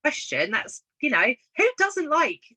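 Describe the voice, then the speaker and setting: A woman's voice: high voice, sing-song, a little slow, bright, forceful tone, low-quality recording. A woman, a guest on a casual live video chat, telling encouraging stories and acting out the dialogue. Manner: storytelling, encouraging, acts out quoted dialogue. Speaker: guest business consultant.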